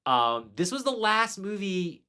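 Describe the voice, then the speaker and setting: A man's voice: high-pitched, sing-song, measured pace, sharp tone, clean tone. A man hosting a podcast, talking through a favorite film in a casual, enthusiastic and rambling way, with fillers and restarts. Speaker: podcast host.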